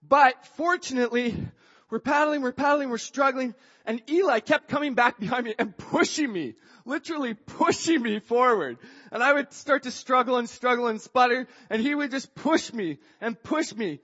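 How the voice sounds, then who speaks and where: Man, high voice, chatty animated storyteller, acts out dialogue, long hall reverb. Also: normal speed, lo-fi sound. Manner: chatty, acts out quoted dialogue, frequent "like" fillers. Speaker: speaker telling a personal story. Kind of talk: animated personal storytelling with a moral.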